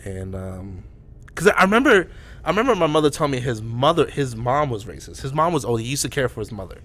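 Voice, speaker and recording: A man's voice: mid-range voice, sing-song, quick pace, fairly bright tone. A man co-hosting a podcast, telling a story in a rambling way with many restarts. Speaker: podcast co-host. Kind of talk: casual storytelling.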